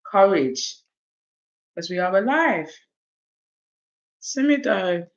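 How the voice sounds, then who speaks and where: A woman with a South East London accent giving an oracle card reading in a casual livestream chat, animated and laughing, with streetwise slang and swearing. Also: medium pitch, slow, dull audio.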